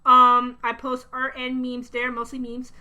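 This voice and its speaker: A woman's voice: high voice, monotone, a little slow, sharp tone, clear, resonant tone, dull audio. A young woman co-hosting a casual podcast, rambling with lots of fillers. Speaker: podcast co-host.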